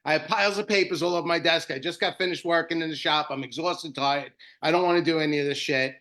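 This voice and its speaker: Guy on a video call telling a big story, kinda high voice, gets all worked up and choked up. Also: fast. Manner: animated, emotional, with swearing. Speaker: guest shop owner. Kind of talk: casual storytelling.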